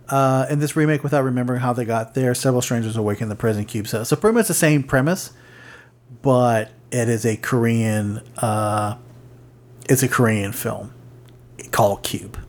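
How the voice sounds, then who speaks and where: A man co-hosting a casual podcast chat, rambling with many fillers and restarts while reading from notes. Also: mid-range voice. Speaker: podcast co-host.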